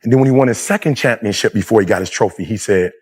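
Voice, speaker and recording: A man giving a motivational speech in a preacher's style, moving from low, quiet stretches to loud shouted peaks. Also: quick pace, breathy edge, soft background music. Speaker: motivational speaker.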